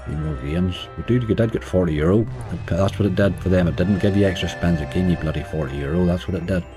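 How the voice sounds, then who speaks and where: A man's voice: deep voice, fast talker, over music. A man giving casual running commentary while playing, chatty and talking to the game as he goes. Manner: chatty, muttering to the game and cheering it on. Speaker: slots streamer. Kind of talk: casual commentary over gameplay.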